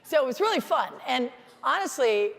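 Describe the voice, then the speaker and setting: A middle-aged American woman telling stories in a lively, chatty motivational conference talk. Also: sits high, moderate pace, gravelly. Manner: storytelling, animated, chatty with many "like"s. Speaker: keynote speaker. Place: large conference hall. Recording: hall reverb from a stage mic.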